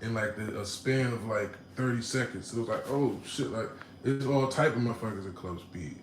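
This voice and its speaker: A man hosting a casual livestream, reading out comments and telling a story in animated, slangy talk with laughs. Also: fairly low pitch, normal speed, roomy sound, slight background noise, rough recording. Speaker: livestream host. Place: home room.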